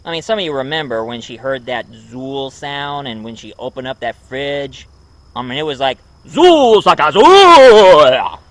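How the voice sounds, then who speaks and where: A man's voice: medium pitch, normal speed, a bit bright, no room sound. A man casually reviewing a movie at home, rambling with many ums and uhs. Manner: rambling, full of ums and uhs, chuckles often.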